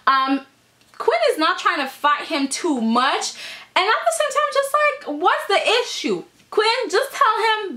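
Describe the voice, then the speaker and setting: A woman with a high, bright voice talks through a soap opera episode in a casual vlog review. She is chatty and animated, and keeps checking in with her viewers through quick asides. Her tone stays sharp and lively.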